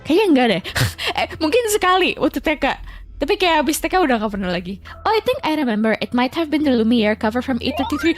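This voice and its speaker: A high-pitched young woman hosting a game stream. She chats with viewers in a playful, giggly way. Her talk stays casual and joking throughout. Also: big pitch swings, fast talker, soft background music. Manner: playful, giggly, switches between languages. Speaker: VTuber streamer. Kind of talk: casual live-stream chat.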